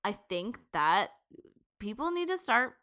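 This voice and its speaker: A young woman co-hosting a podcast in casual chat, animated and swearing freely as she acts out quotes. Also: a little high, takes it slowly. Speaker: podcast co-host.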